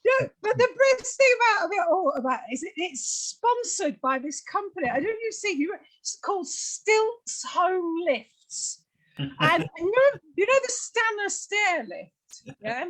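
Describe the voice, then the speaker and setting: A British woman does chatty, teasing stand-up comedy over a video call, telling stories in a lively way. Her voice is extremely high-pitched, and she speaks unhurriedly.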